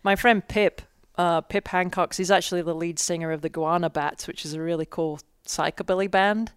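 A woman's voice: lowish voice, fairly even intonation, moderate pace, clean tone, no room sound, studio quality. A woman with an English accent, a former racer telling her story as a guest in a casual interview, rambling with restarts and fillers. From England. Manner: rambling, self-correcting storyteller with frequent fillers. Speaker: guest, former World Cup mountain bike racer.

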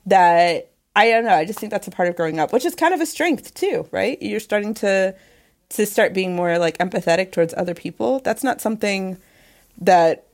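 A woman's voice: medium pitch, animated, moderate pace, darkish tone. A woman in her thirties co-hosting a podcast, talking in a thoughtful, reflective way. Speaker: podcast co-host. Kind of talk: casual chat.

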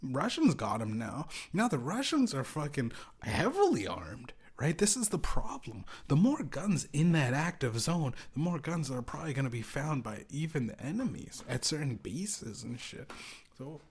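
A man's voice: a little high, big pitch swings, moderate pace, slightly rough. Rambling profane podcast host man. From Canada. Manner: rambling, profane, laughs often, shifts between mutters and loud outbursts. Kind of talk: casual comedic monologue.

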